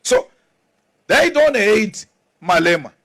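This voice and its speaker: A man's voice: sits high, very animated, slow, gravelly, a bit bright. A man from Africa, giving an emphatic, rousing political speech with mocking asides. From South Africa.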